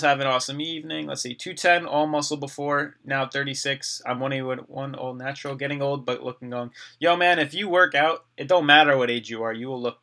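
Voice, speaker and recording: A man chatting through a long live stream, reading out viewer comments and answering each one. His voice has a bright, forceful edge, and it is getting a little dry from so much talking. He sounds like he is at a desk mic at home. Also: medium pitch. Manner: chatty, reads viewer comments aloud and replies.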